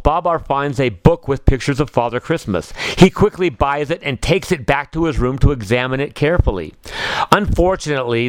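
A man reading a children's storybook aloud in a gentle, measured way, with the odd slip and self-correction. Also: medium pitch, smooth, no echo. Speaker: narrator.

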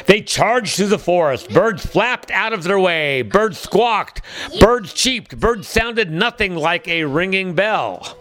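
High, slow-reading man. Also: lively intonation, fairly bright tone. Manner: unhurried reading with small slips and restarts. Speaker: storybook reader. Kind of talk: reading a children's book aloud.

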